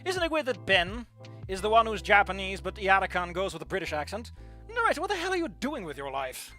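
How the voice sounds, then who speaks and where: Animated streamer reading a visual novel. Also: mid-range voice, fairly quick, soft background music. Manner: animated, loud squealing reactions, jokey.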